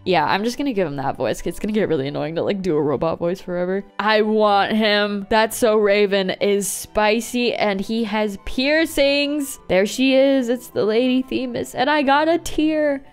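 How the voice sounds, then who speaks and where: A woman gaming YouTuber gives let's-play commentary in an excitable, jokey way. Her voice is of middle pitch for a woman. Faint game music plays behind her. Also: moderate pace, hardly any pauses, clear, resonant tone.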